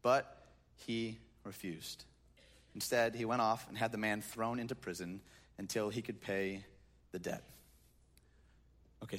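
A man's voice: medium pitch, lively intonation, measured pace, pauses often, fairly bright tone. A man preaching a sermon from a stage, reading scripture and breaking into conversational, joking asides. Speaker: pastor. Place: church stage.

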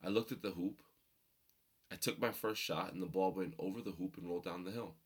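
A young man telling personal stories to an audience, animated and humorous, building to emphatic points. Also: deep voice, a little fast, husky. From New Jersey. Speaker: motivational storyteller. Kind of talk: storytelling talk to an audience.

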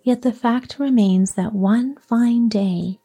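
A woman narrating a classic children's story in a soft, partly whispered storytelling voice. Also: a little high, slow pace, husky.

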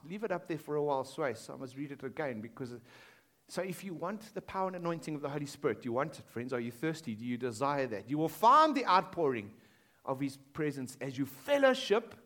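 A man preaching a sermon in a school hall, shifting between loud emphatic lines and hushed quoted lines. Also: a little high, big pitch swings, brisk. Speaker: pastor.

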